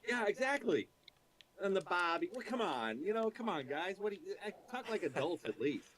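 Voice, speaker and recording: A man's voice: high voice, very animated, moderate pace, a bit bright, rough recording. An American man chatting as a guest on a livestream, plain-spoken and opinionated. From United States. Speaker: guest on the stream. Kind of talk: casual chat on a call.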